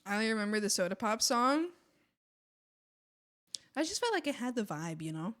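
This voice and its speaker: Giggly high-voiced woman streamer. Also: very animated, moderate pace, fairly bright tone. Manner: giggly and playful, laughing often; rambling, with repeated restarts. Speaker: art streamer. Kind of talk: casual chat with viewers.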